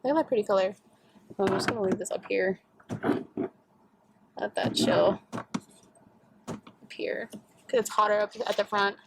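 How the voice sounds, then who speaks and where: A woman's voice: mid-range voice, level tone, a little slow, creaky, pauses often, noisy background. A young woman, chatting casually in a vlog from her car, rambling with lots of fillers and cursing freely. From Texas. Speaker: vlogger. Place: in and around her car, partly outdoors. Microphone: phone camera set down nearby.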